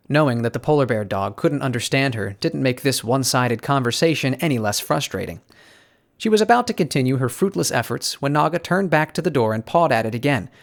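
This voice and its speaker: A man reading an audiobook in an even storytelling tone with hushed tension. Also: mid-range voice. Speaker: audiobook narrator. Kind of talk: scripted audiobook narration.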